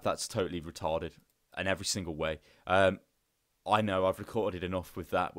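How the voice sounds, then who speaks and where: A man's voice: low voice, dry recording, clean studio sound. A young man with a headset, hosting a live Q&A in a rambling, profane, casual way. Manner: rambling and profane, with lots of fillers. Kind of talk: casual chat.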